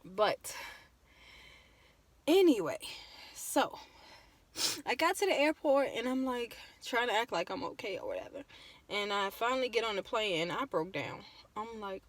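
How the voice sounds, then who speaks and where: A woman's voice: medium pitch, animated, a little slow, pauses often, no echo. Young adult woman, casual vlog storytelling, on the edge of tears. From Virginia. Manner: emotional, tearful, casual storytelling. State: close to crying. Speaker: vlogger.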